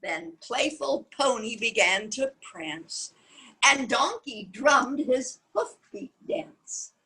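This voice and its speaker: An older woman reading a children's picture book aloud, her voice fairly high and swooping in a lively sing-song. She takes her time over each line and keeps turning to ask the little listener gentle questions. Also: slow pace, creaky, poor audio. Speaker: children's storyteller.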